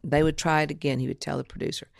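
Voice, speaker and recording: A woman from Mississippi tells a story in an interview, acting out other people's lines as she goes. Her voice sits low and has a gravelly edge. The recording is dry and close, with no room sound. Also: flat delivery, racing, dry recording. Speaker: guest, music producer and author.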